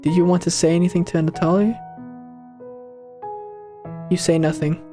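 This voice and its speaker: A man casually commenting on a game he plays for the first time, reading its lines aloud and bursting into slangy, excitable reactions. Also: on the high side, moderate pace, over music. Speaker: gaming channel host.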